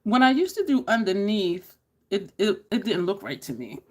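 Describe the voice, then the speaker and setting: A woman's voice: mid-range voice, big pitch swings, moderate pace. A middle-aged woman, chatting casually while doing her makeup and telling stories to viewers. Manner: chatty, storytelling, addresses viewers as y'all. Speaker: beauty YouTuber.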